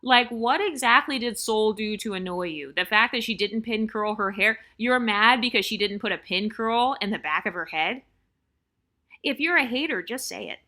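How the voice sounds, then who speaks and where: A woman's voice: fairly high pitch, moderate pace, bright, forceful tone. A woman vlogger giving blunt, opinionated commentary on online comments, repeating her points for emphasis.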